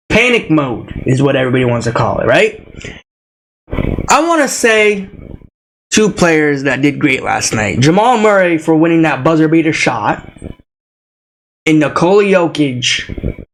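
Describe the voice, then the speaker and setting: Slow-talking, high-voiced young man ranting. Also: slight background noise, low-quality recording. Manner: animated, teasing, laughs often, repeats words. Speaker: sports vlogger. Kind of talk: casual basketball rant.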